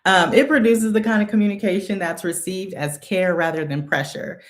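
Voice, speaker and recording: A woman's voice: medium pitch, moderate pace, hardly any pauses. A woman hosting a live-streamed coaching show, speaking emphatically to viewers, repeating key phrases and calling them y'all.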